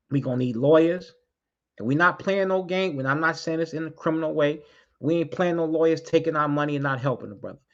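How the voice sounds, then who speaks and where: A man giving an impassioned address to his community, preaching bluntly, swearing freely and repeating key lines for emphasis. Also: mid-range voice. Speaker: community activist addressing street groups. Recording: dull lo-fi recording.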